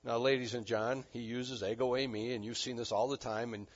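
A man preaching a sermon, animated and emphatic, with touches of dry humor. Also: medium pitch, a little fast. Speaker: pastor. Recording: dull lo-fi recording.

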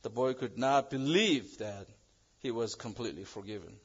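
Halting male preacher, dull lo-fi sound. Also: husky. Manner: halting, restarts phrases, rises in pitch and volume on key words. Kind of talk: sermon with an illustrative story. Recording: dull lo-fi recording.

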